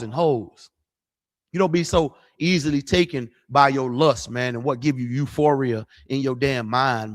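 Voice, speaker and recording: A man's voice: medium pitch, fairly bright tone. A middle-aged man preaching, blunt, profane and conversational, livestreaming to viewers. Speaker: street preacher.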